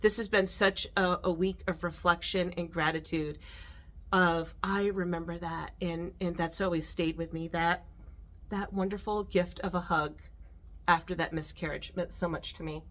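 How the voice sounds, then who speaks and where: A woman's voice: lowish voice, fairly even intonation, normal speed, a bit bright. A middle-aged woman telling a personal story in a vlog, earnest and emotional, with fillers and restarts. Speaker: vlogger.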